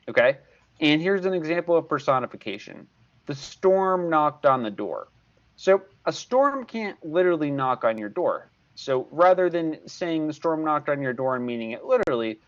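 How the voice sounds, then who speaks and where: A man's voice: fairly high pitch, muffled recording. A man in his sixties, a tutor giving a recorded video lesson, patient and repeating key points. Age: 60s. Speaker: math tutor.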